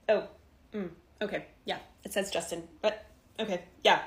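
A young woman performing comedy sketches, switching between exaggerated customer characters with animated delivery. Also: mid-range voice, moderate pace, echoey room, a little hiss or hum. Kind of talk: comedic skit acting.

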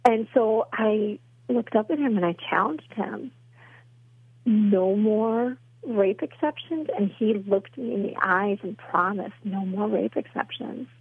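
A woman guest, a pro-life advocate, tells her story in a podcast interview, speaking earnestly and fervently with frequent "you know" fillers. Her medium-pitched voice is gravelly and slightly rough at a normal pace, coming through a tinny, dry phone line.

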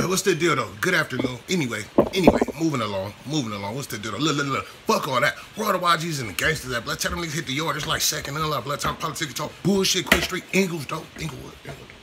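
A man's voice: on the high side, lively intonation, fast talker, few pauses, very noisy. A man vlogging a casual commentary rant, profane and repetitive in his street slang.

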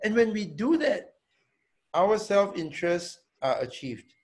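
A hotel owner talks through a student Q&A in a slow, measured way and leaves pauses between his points. His voice sits a little high for a man. He stresses ideas by repeating words and keeps checking in with his listeners. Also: lively intonation. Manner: slow, deliberate, checks in with "yeah?"; repeats himself for emphasis. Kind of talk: Q&A talk.

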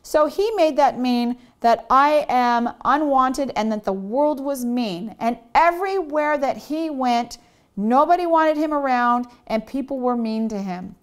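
A woman's voice: sits high, measured pace, clear, resonant tone. A woman in her thirties, a wellness coach, giving a candid self-help lesson and telling personal stories with acted-out quotes. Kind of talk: motivational self-help talk.

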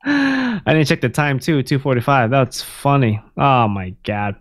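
Male gameplay commentator, mid-pitched and casual, reads text messages aloud and reacts with curses and chuckles. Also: expressive, moderate pace. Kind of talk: casual let's play commentary.

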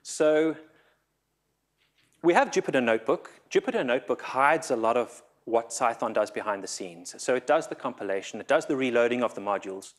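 A man's voice: mid-range voice, expressive, a little fast. A man giving a conference talk, nervous, often stumbling and repeating his words. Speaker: conference speaker. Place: conference hall.

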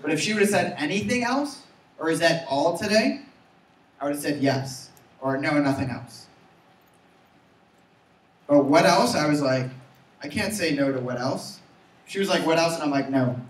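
A young man giving an energetic motivational sales talk, urging his audience to repeat after him. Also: on the high side, normal speed, pauses often. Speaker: sales trainer. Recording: roomy, from far off.

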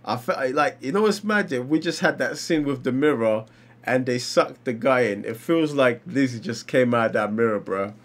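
Animated streamer, lively voice. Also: male voice, mid-range voice, moderate pace. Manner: animated, exclaiming and laughing while reacting. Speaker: livestreamer reading comics. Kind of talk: casual live-stream commentary.

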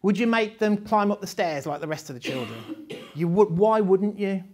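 A man's voice: sits high, lively intonation, moderate pace, darkish tone. Chatty male trainer asking rhetorical questions. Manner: conversational, rhetorical questions, laughs often. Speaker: teacher trainer. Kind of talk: live training session.

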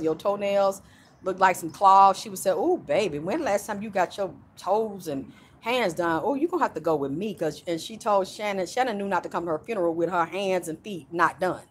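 A woman's voice: mid-range voice, slight background noise. A woman working as a spiritual medium, channeling in a casual livestream from outdoors in her yard, rambling along with frequent sighs and small laughs.

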